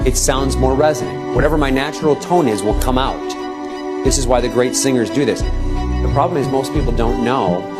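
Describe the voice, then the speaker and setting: A man's voice: mid-range voice, normal speed. A man coaching speaking technique, explaining and demonstrating as he talks. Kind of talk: instructional talk. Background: loud background music.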